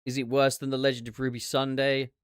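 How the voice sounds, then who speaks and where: A man hosting a casual livestream chat, swearing freely and throwing in quick asides. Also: medium pitch, little pitch movement, smooth, no echo, studio quality. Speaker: podcast host.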